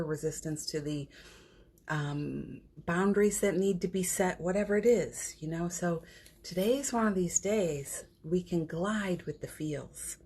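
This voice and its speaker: Middle-aged woman healer hosting a livestream, low-ish and breathy, gentle and affectionate with viewers. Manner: gentle and affectionate, greets viewers by name, laughs often. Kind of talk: casual spiritual pep talk on a livestream. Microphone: phone or computer mic for a livestream.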